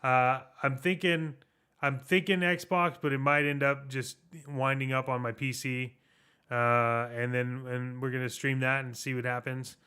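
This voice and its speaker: A man's voice: mid-range voice, level tone, unhurried, sharp tone, clean tone. A man co-hosting a casual video game podcast, rambling through thoughts, restarting his sentences and swearing casually. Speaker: podcast co-host. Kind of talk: casual chat about video games.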